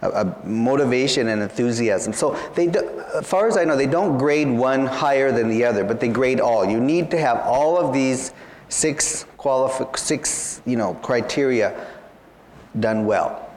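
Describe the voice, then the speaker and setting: A man's voice: mid-range voice, animated, a little slow, a little mellow. A man tutoring students for an interview exam, explaining each point patiently and often saying "you know". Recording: long hall reverb.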